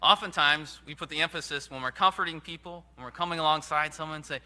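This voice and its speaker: A man preaching a sermon in an earnest, emphatic way, with sudden rises and hushed drops. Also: fairly high pitch, fast talker, hardly any pauses. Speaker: pastor.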